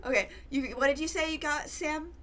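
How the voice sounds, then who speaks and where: A woman's voice: sits high, fairly even intonation, brisk, fairly bright tone. A woman running a tabletop game as game master, narrating hesitantly with many fillers and frequent laughter.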